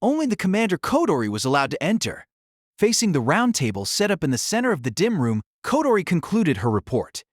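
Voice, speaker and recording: Expressive male audiobook narrator. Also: high voice, brisk, no echo, clean studio sound.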